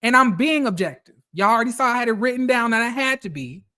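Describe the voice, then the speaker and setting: A man recapping a reality TV episode in casual commentary, animated and profane, talking straight to his viewers. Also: very high voice, fast talker.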